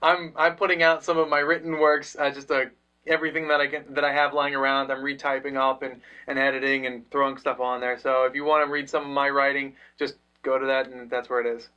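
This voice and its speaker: Bright-voiced New Jersey man. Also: medium pitch, level tone, a little fast, smooth, muffled recording. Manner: chatty, rambling. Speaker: co-host. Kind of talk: casual chat.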